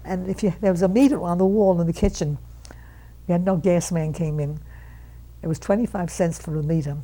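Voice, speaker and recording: A woman of one hundred telling stories from her life in an interview, animated and acting out the voices of her relatives. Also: on the low side, brisk, rough recording. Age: 100. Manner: animated storyteller who acts out quoted relatives. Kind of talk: reminiscing storytelling.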